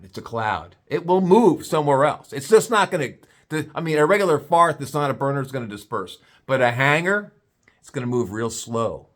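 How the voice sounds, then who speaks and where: A man telling a comic story in a drawn-out, playful way. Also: medium pitch. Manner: animated, drawn-out comic buildup.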